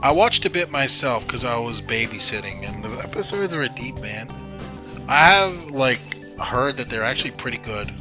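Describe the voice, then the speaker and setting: A man's voice: mid-range voice, expressive, normal speed. A young Australian man from Queensland, chatting casually and rambling with sarcastic asides while playing a game. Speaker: gaming streamer. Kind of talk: casual chat over gameplay. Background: game music.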